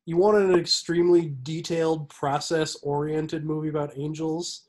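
A man's voice: a little high, flat delivery, moderate pace, crowd noise. A man co-hosting a casual movie podcast, teasing his co-host with dry pushback. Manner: dry, teasing, pushes back. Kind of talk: casual movie-review chat.

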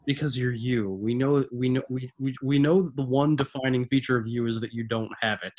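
A man co-hosting a podcast while sick, his voice husky and congested, talking in a groggy, grumbling, halting way. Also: mid-range voice, fairly even intonation, darkish tone. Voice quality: husky from illness. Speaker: podcast co-host. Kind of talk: casual chat.

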